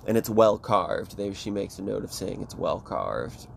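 A man rambles through a book plot in animated, casual chat, swearing freely as he jumps between characters. His voice sits low. A faint hiss of noise stays under the talk. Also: measured pace, gravelly, hardly any pauses. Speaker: host retelling a book.

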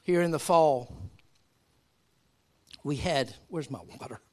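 Pastor guy preaching, kinda high voice, goes from calm storytelling to fired-up emphasis. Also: takes it slowly. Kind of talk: sermon.

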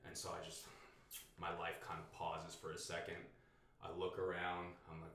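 A man's voice: sits low, moderate pace, a little hiss or hum. A young man, a guest, telling a story casually and animatedly, swearing freely. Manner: animated, profane, laughs through his story. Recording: echoey room, distant mic.

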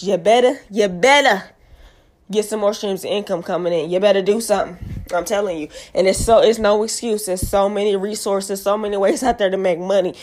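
A woman hosting her own podcast, a mother, talking in a forceful, preachy motivational monologue and repeating lines for emphasis. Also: mid-range voice. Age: adult with kids. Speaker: podcast host.

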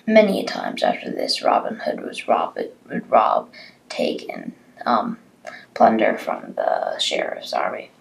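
Halting woman telling a story. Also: extremely low pitch, wildly swooping pitch, vocal fry, rough recording. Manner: halting, with many restarts and fillers. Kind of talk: improvised story reading.

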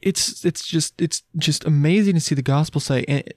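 A man's voice: a little high, moderate pace, no echo, clean studio sound. A man hosting a solo podcast, talking casually in a rambling, chatty, self-deprecating way. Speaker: podcast host.

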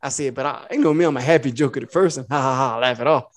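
A man's voice: mid-range voice, rapid-fire, no room sound, studio quality. A young man co-hosting a podcast, telling a profane story and acting out both sides of it. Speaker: podcast co-host. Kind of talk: casual storytelling.

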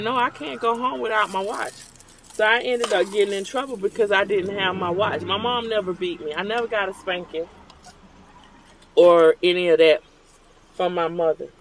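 A middle-aged show host with a high, fairly bright voice speaks at a moderate pace while ordering at a drive-thru from his car. He tells a rambling, conversational story, acting out remembered dialogue.

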